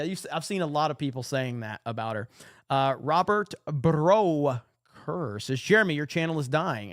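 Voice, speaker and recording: A man's voice: a little high, no room sound, clean studio sound. A man hosting a casual livestream, reading chat comments aloud and reacting with emphatic, profane, repetitive commentary. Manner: profane, emphatic, repeats himself. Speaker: podcast host.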